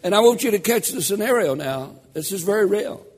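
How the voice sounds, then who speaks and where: A man preaching a sermon as pastor, slow and emphatic with dramatic pauses and rising emphasis. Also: high-pitched, lively intonation, breathy edge. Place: church sanctuary. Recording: echoey church hall.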